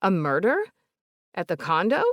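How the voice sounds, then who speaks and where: A woman voicing an older woman with a soft Southern accent, polite and remorseful, recalling family memories in a gentle, chatty way. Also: lowish voice, big pitch swings, moderate pace, dry recording, clean studio sound.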